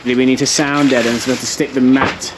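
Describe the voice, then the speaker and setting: A man's voice: mid-range voice, level tone, a little fast, noisy background. An English man narrating a casual vlog as he works, chatty and full of ums and likes. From England. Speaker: vlogger.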